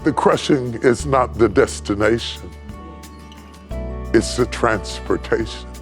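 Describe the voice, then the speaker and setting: An older man from West Virginia preaching a sermon, building from low, slow telling to high, ringing shouts. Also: soft background music. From West Virginia, United States. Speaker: pastor.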